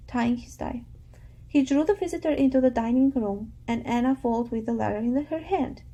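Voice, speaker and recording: A woman teacher reads a novel aloud to her class in a calm, patient way. Her voice sits fairly high and carries a gravelly texture, with a mellow, soft tone. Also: moderate pace. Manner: calm, patient, guiding students.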